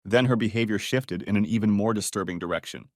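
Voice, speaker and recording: A man narrating a scripted first-person story in a steady, expressive way. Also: fairly low pitch, quick pace, no echo, clean studio sound.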